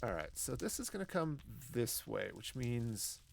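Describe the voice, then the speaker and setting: A man's voice: mid-range voice, sing-song, measured pace, vocal fry, slight background noise. A man streaming a building game, rambling and joking as he talks to himself and greets his chat. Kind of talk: casual live gameplay commentary.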